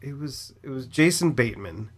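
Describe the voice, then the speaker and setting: A man's voice: mid-range voice, expressive, normal speed, husky. A man in his thirties co-hosting a podcast in casual chat, dropping dry wisecracks. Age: 30s. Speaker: podcast co-host.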